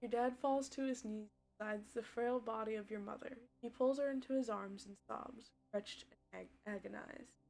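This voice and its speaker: A woman's voice: on the high side, fairly even intonation, moderate pace, creaky, soft background music. Woman streamer reading game text aloud. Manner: reads narration steadily, then breaks off with loud distressed outbursts and swearing.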